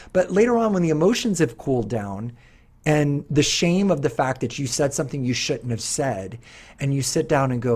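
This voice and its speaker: A middle-aged man in casual podcast chat, earnest and a little rambling. He restarts his sentences often, and his voice carries a husky, breathy texture. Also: medium pitch, expressive, a little fast, darkish tone. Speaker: podcast host.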